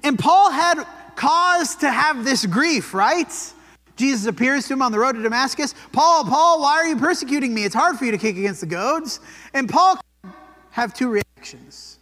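Guy preaching in church, chatty, keeps saying right?, pretty high voice. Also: lively intonation, moderate pace, pushed and bright. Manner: conversational preaching with frequent "right?" asides. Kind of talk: sermon. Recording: church hall with long reverb.

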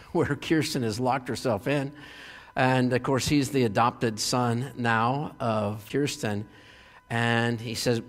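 Man, pastor, mid-pitched voice, lively sermon storytelling, long hall reverb. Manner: animated storytelling with frequent fillers and laughs. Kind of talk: sermon retelling a TV episode.

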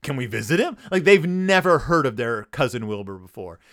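Lively sarcastic man recapping a book. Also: mid-range voice, brisk, no echo, clean studio sound. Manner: sarcastic, riffing, acts out characters. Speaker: podcast host.

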